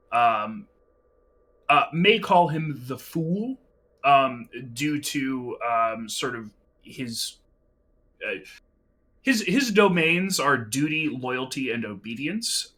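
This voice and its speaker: A man serving as dungeon master for a tabletop game, his voice bright and forward. He talks through the lore slowly and hesitantly, stopping often on ums and uhs. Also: medium pitch. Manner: hesitant, many ums while explaining.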